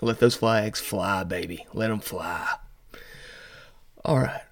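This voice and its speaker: A man's voice: on the low side, slow, creaky, no room sound. A man hosting a casual podcast about toys, telling a joke and chatting playfully with listeners. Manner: jokey, self-deprecating, playful asides. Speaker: podcast host. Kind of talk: casual joke-telling and toy news chat.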